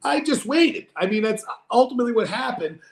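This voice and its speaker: A man co-hosting a podcast, telling a story in casual chat with a lively, profane manner. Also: extremely high pitch, brisk, vocal fry, echoey room. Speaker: podcast co-host.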